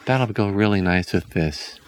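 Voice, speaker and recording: A man's voice: lowish voice, a little slow, voice pushed up, close to an everyday voice. A man voicing a bold, clever young girl who speaks in a breezy, matter-of-fact way. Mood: cheery.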